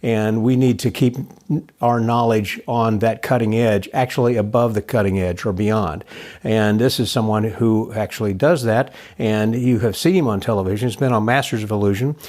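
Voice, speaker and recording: A man hosting a casual interview about magic. He talks haltingly, with many "uh" fillers and dry joking asides. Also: lowish voice, darkish tone. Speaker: podcast host and magician.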